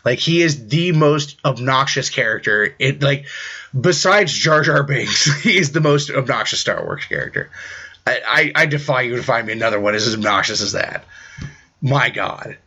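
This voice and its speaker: A man rants profanely through a casual podcast conversation, laughing between jabs. His voice is bright and forceful. The audio sounds dull and lo-fi. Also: mid-range voice, moderate pace, slightly rough. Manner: profane, ranting, laughs often. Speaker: podcast co-host.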